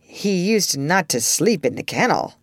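A woman's voice: deep voice, big pitch swings, measured pace, slightly rough, dry recording, studio quality, heavily acted. A woman reading aloud voices an eager, self-assured schoolboy in a storybook.

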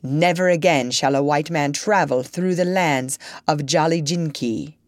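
A woman's voice: low voice, measured pace, no echo, studio quality. A woman voicing a proud, stern king in a storybook reading, giving commands.

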